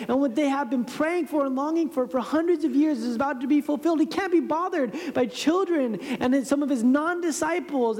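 A woman preacher telling a scripture story in a sermon, with dramatic shifts between loud and hushed delivery. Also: sits high. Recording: long reverb in a large hall.

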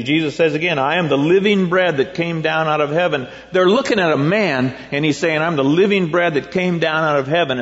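A male pastor giving a conversational sermon, reading scripture aloud and posing rhetorical questions in a rambling way. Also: a little high. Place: church sanctuary. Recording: dull, echoey church recording.

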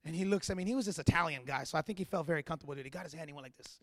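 A male pastor preaching a sermon with passion, building to loud emphatic peaks and often stammering through repeated words. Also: on the high side, very fast, slight background noise.

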